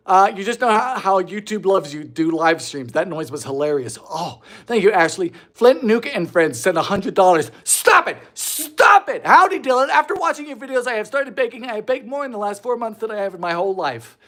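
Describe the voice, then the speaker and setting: A young Bermudian man with a mild accent hosts a baking live stream, chatting in an animated, theatrical and jokey way as he bakes. His voice sits high, and he talks briskly with few pauses.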